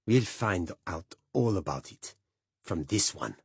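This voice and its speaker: A man's voice: deep voice, animated, takes it slowly, husky, no echo, studio quality, heavily acted. A man voicing an angry, out-of-breath East German police squad leader who barks curt orders in an audiobook. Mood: menacing.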